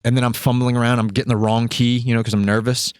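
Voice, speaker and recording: A man hosting a podcast, telling a story in a casual, animated way, acting out voices and swearing freely. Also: mid-range voice, fast, a little hiss or hum. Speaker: podcast host.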